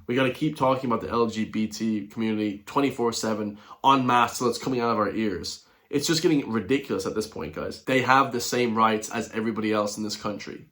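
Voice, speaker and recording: A man's voice: medium pitch, a bit bright. An Irish man giving blunt, indignant commentary on news clips, often turning to his viewers. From Ireland. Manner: indignant, blunt, keeps addressing viewers as guys. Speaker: commentary vlogger.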